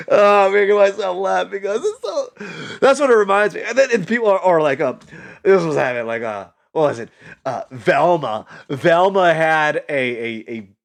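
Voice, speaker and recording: A man's voice: high-pitched, expressive, moderate pace, vocal fry. A man vlogging in a loose, rambling way, full of fillers and restarts, amused by his own jokes. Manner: mocks others in silly put-on voices. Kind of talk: casual rambling vlog.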